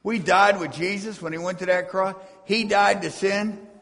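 A man's voice: high-pitched, steady tone, normal speed, gravelly, fairly bright tone. A man preaching a sermon as pastor, reading scripture aloud and tossing asides to his congregation in a church sanctuary. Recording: long hall reverb.

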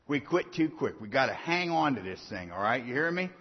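A man's voice: medium pitch, very animated, fairly quick, hardly any pauses, breathy edge. Folksy preacher man in an echoing hall. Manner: folksy storytelling, swings between soft asides and loud punches. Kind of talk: sermon. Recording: dull sound in a long-reverb hall.

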